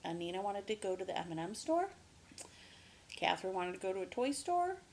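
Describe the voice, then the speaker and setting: A woman's voice: mid-range voice, sing-song, brisk, a little mellow, a little hiss or hum. A woman co-hosting a podcast in casual chat, talkative, laughing often and swearing freely. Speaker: podcast co-host.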